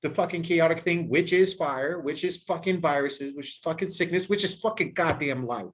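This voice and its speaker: A man hosting a podcast in casual chat, ranting with heavy swearing and animated emphasis. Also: on the high side, normal speed. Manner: heavily profane, ranting and animated. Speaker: podcast host.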